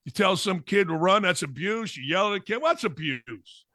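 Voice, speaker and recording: A man voicing a gruff old-school male football coach with a bit of a New York accent. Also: sits high, lively intonation, moderate pace, bright, forceful tone, no room sound, clean studio sound. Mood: scoffing.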